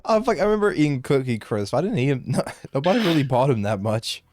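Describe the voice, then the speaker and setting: A man's voice: medium pitch, fast, dry recording. A man co-hosting a podcast in casual chat, swearing and laughing often. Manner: profane, laughing, lively. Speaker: podcast co-host.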